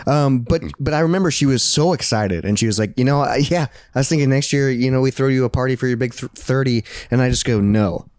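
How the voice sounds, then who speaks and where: A man's voice: mid-range voice, fast talker, few pauses, a little mellow, no room sound, studio quality. A man in his late twenties, co-hosting a podcast in casual chat, blunt and profane, laughing often. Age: 20s. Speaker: podcast co-host.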